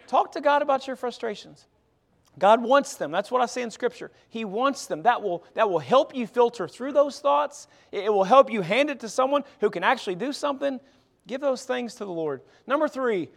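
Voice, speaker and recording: Guy preaching in church, kinda high voice w/ gravel in it, chatty, keeps restarting words. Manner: conversational, repeats words when restarting. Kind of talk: sermon. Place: church sanctuary.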